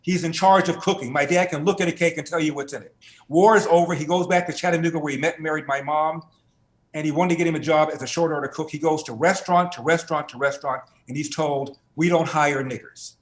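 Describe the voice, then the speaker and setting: A man being interviewed as a guest author, telling a family story in an animated, emphatic way that builds through repetition. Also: on the high side, quick pace, echoey room.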